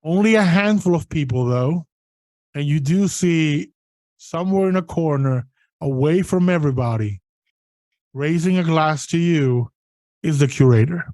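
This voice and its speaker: A man narrating a tabletop role-playing game as game master, setting scenes in a deliberate way. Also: fairly high pitch, mellow, no room sound.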